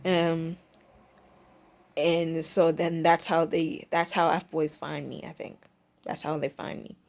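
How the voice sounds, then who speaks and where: Young woman vlogger, low-pitched voice, rambling casual storytime, restarts her sentences. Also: little pitch movement, takes it slowly, vocal fry, darkish tone. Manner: rambling, self-interrupting, mimics others in high squeaky bursts.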